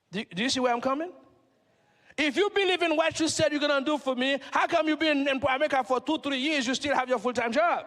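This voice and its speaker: A middle-aged man with a Haitian accent speaks from the stage in a very high voice, hammering the audience with question after question. His voice rings out through a large hall with a long, trailing reverb. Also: fairly bright tone. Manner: preachy, fires rhetorical questions at the audience. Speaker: motivational speaker. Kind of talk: stage motivational speech.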